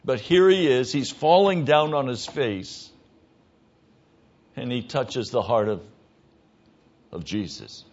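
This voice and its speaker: A man's voice: medium pitch, takes it slowly, pauses often. Emphatic male pastor preaching. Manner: emphatic preaching, swinging from hushed to loud. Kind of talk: sermon. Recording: dull lo-fi sermon recording.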